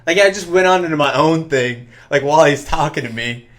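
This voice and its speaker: A man's voice: fairly high pitch, brisk, fairly bright tone. A young man co-hosting a casual podcast, meandering through an anecdote, laughing and swearing often. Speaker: podcast co-host. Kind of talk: casual chat.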